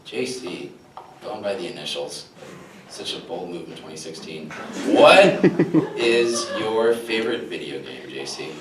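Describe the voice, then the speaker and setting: Speaking at a measured pace, this young comic has a low voice that swings widely in pitch. His stand-up set before a live audience is self-deprecating, and he often laughs at his own jokes, captured from afar with roomy ambience and room noise.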